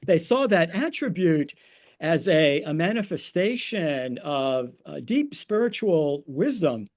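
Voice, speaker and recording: A man hosting an interview, asking questions in a measured, reflective way with frequent fillers. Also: fairly high pitch, sing-song, darkish tone. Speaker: podcast host, interviewer.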